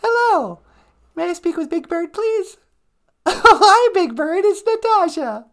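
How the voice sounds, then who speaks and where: A man's voice: extremely high pitch, expressive, unhurried, a bit bright, voice pushed up, full character voice. A man voicing a chirpy young female phone receptionist who talks in a bubbly, sing-song way. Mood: perky.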